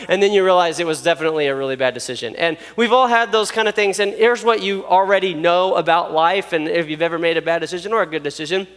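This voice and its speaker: A young man preaching to youth, telling a story with lots of "like" and "um". His voice sits fairly high. A long reverb trails his words as if in a large hall. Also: fast, hardly any pauses, clear, resonant tone. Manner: animated, acts out voices, frequent fillers like "like" and "um". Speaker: youth pastor.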